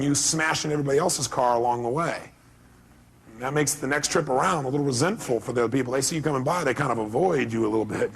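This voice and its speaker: Gravelly, husky man giving a fast seminar talk. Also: mid-range voice. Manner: dramatic storytelling with acted-out voices, swinging loud and soft. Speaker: motivational speaker. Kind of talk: seminar talk to a live audience.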